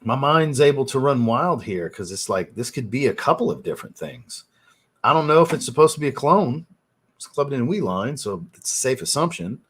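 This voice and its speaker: Husky-voiced man hosting a casual livestream. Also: mid-range voice, sing-song, moderate pace, a bit bright. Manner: thinks aloud, reads and answers viewer chat. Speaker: fragrance livestream host.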